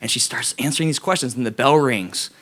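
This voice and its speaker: A man preaching a youth sermon, telling a self-mocking story in an animated way before turning to the lesson. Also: medium pitch, fairly quick. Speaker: youth pastor.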